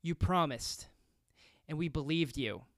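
A man's voice: mid-range voice, sing-song, normal speed, dry recording, clean studio sound, lightly acted. A man reading out the lines of an anguished army colonel, pleading and accusing.

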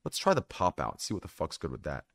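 A man's voice: rumbling low, wildly swooping pitch, fast talker, gravelly, a bit bright. Profane, teasing male call host. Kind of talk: casual video call chat.

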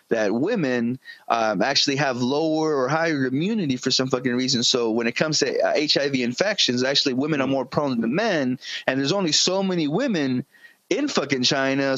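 A man's voice: mid-range voice, fairly bright tone, no echo. Man, podcast co-host, crude rambling banter, dry dull-sounding audio. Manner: profane, rambling, jokey.

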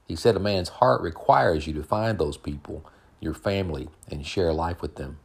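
A man with a very deep, husky voice voicing a playful young woman on a first date, in a lightly raised, teasing tone. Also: normal speed, full character voice. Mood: tender.

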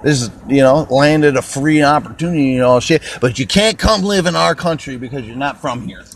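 A man rants and swears his way through a rambling podcast monologue from behind the wheel of a car. His voice sits at an ordinary pitch, and faint road noise runs underneath. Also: fairly quick. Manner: angry, swearing, rambling rant. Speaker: podcast host. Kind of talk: profane ranting monologue. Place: car, driving.

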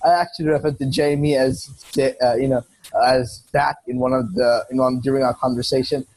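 A man's voice: mid-range voice, fairly even intonation, brisk, a little mellow, no room sound, low-quality recording. A man hosting a casual podcast interview, speaking enthusiastically and laughing often. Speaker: podcast host.

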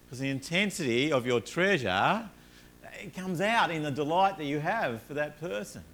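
A man preaching a sermon, telling everyday stories with rising energy, then dropping low and soft to make his points. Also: moderate pace. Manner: earnest, rises animatedly in stories, drops low and soft on points. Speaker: pastor.

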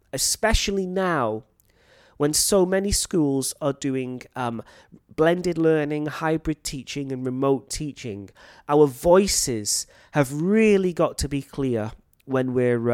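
A man's voice: medium pitch, clean tone, dry recording, clean studio sound. A man in his late thirties with a North Welsh accent, a teacher talking earnestly to fellow teachers and explaining his points. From North Wales.

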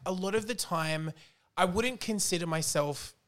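A man's voice: high-pitched, moderate pace. A man hosting a podcast, chatting casually and telling stories in a sweary, gushing way. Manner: sweary, gushing, animated storytelling. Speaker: podcast host. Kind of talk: casual chat.

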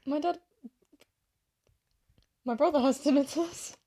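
A woman's voice: sits high, slow, mellow. A woman co-hosting a podcast, chatting casually, gushing and giggly. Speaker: podcast co-host. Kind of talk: casual chat.

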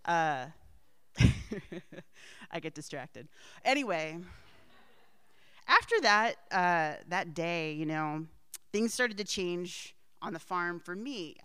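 A woman's voice: lowish voice, animated, slow, pauses often, bright, forceful tone, smooth, no room sound. A middle-aged woman telling a personal family story in a rambling way, with asides and frequent laughs.

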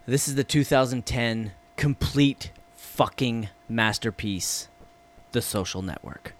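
A man co-hosting a podcast in casual chat, enthusiastic, swearing freely and trailing off as he gets excited. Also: mid-range voice, slow pace, slight background noise. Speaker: podcast co-host.

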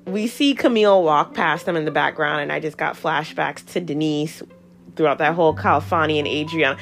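A woman hosts a casual recap podcast with a slightly low voice. She talks in a chatty, animated way and laughs often. Faint music plays underneath. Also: moderate pace, gravelly. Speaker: podcast host reviewing a reality show.

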